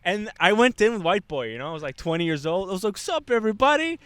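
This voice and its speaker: A young man rambles through a story on a casual podcast, swearing freely and acting out what people said. His pitch sits a bit high and swings widely, and his voice comes through smooth and clear. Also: fast talker, dry recording. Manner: rambling, animated, swears a lot, acts out quotes. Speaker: podcast co-host. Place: Montreal.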